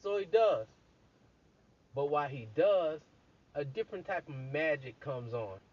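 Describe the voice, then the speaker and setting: A man casually retelling a story in a blunt, crude, animated way, full of profanity. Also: fairly high pitch, unhurried. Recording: dull lo-fi recording.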